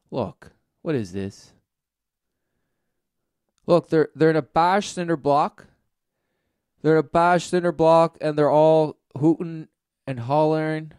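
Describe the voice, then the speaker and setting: A man's voice: fairly high pitch, a little mellow, clear, resonant tone, no echo, studio quality. A man giving sarcastic, rambling commentary, mocking and repeating himself.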